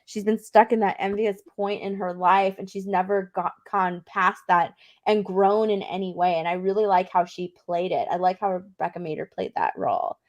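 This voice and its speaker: A woman's voice: medium pitch, fairly even intonation, normal speed, lo-fi sound. A woman co-hosting a casual chat, enthusiastic and giggly, often stumbling and restarting her words. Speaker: podcast co-host.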